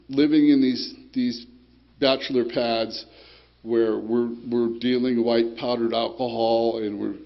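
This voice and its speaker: A man's voice: mid-range voice, vocal fry, lo-fi sound. A man giving a rambling, streetwise personal testimony at a recovery group meeting, swearing and often asking "you know, right?". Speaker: speaker sharing his recovery story.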